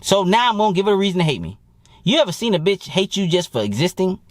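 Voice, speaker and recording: A young man talking as a dating coach in a blunt, profane and animated casual monologue. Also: sits high, fast, no room sound, clean studio sound. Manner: profane, blunt and animated, mimics people he quotes.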